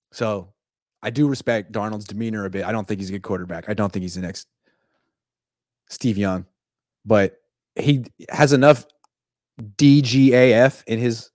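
A man giving casual, jokey sports commentary with quick, animated asides. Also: medium pitch, no room sound, studio quality.

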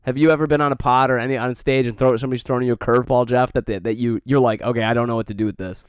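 A man's voice: medium pitch, steady tone, clear, resonant tone, dry recording, studio quality. A man hosting a podcast, asking questions eagerly and laughing often in casual chat. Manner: laughs a lot, eager, quick asides. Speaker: podcast host.

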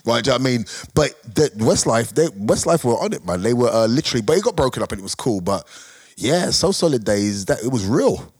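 A man's voice: medium pitch, sing-song, fast talker, darkish tone, slightly rough. A middle-aged man with a London accent telling stories in a casual podcast chat, acting out quotes between laughs. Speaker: guest. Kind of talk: casual storytelling. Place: podcast studio.

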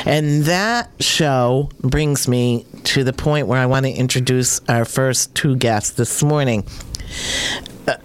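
A woman hosts a morning radio show in a studio, and her cold has left her hoarse and deep-voiced. She talks in a chatty, meandering way, full of "uh"s and asides. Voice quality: deep throaty voice. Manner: chatty, rambling, with fillers. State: hoarse, under the weather.

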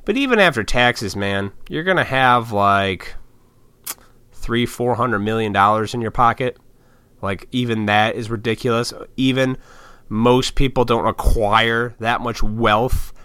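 A man's voice: mid-range voice, bright, forceful tone, clean tone, no room sound. A man hosting a podcast alone, rambling casually with lots of swearing and laughs. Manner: rambling, profane, laughs often. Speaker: podcast host. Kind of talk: casual solo monologue.

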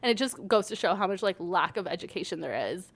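A woman's voice: on the low side, fast, gravelly. Chatty young woman, "like" every phrase. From Canada. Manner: chatty, says "like" constantly, acts out quoted dialogue. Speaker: podcast guest. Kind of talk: casual storytelling chat.

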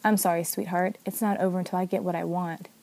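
A woman voicing a smooth-talking male vampire who teases and threatens his prey in a read-aloud story. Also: lowish voice, fairly even intonation, fast talker, a little mellow. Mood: menacing. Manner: sly, teasing.

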